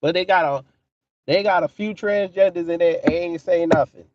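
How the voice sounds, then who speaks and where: A man runs a casual livestream, cursing freely and mocking the people in his chat. His voice sits a bit high yet sounds dark and mellow. The audio is dull and dry, like a home streaming mic. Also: normal speed, no echo. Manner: profane, mocking, reads and answers chat. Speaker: livestream commentary host.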